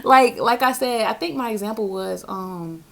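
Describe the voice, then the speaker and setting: A woman's voice: mid-range voice, moderate pace, gravelly. A young woman, a tarot reader, talking casually and bluntly in a spiritual vlog, with slang and frequent laughs. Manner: blunt, slangy, laughs often between points.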